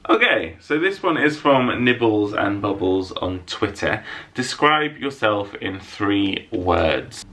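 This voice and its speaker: A man's voice: fairly low pitch, sing-song, slow, bright, forceful tone. A man talking casually to camera at home, answering viewer questions in a jokey, self-mocking way. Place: room at home lit by a window.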